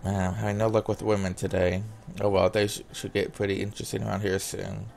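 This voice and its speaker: Low gravelly man reading game text. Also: level tone, fast talker, darkish tone, slight background noise. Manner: reads all the character lines in a plain voice, breaking off for casual comments. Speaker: gamer reading a visual novel aloud. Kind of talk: reading game dialogue aloud with asides.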